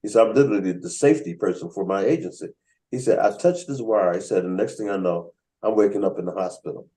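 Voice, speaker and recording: A man with a lowish voice hosts a writers' workshop over a video call, casually telling stories. He's animated and acts out the voices of the people he quotes. The audio quality is poor.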